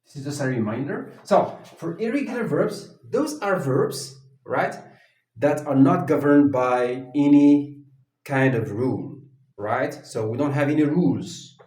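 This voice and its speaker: A man teaching an English grammar lesson at a whiteboard, talking slowly and haltingly, with many fillers and restarts. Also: fairly high pitch, expressive, a little mellow, distant mic. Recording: echoey room, voice from off the mic.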